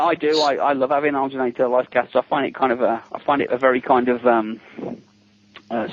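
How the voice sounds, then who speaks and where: A man's voice: mid-range voice, a little hiss or hum. A middle-aged man, a special effects makeup artist, telling amused anecdotes as an interview guest and often laughing between them. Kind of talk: casual anecdotal storytelling. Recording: dull lo-fi recording.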